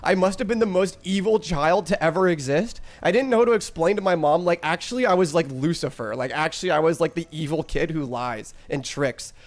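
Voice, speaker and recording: A man streaming live, telling a rambling story to his chat, swearing freely and often breaking into laughter. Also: a little high.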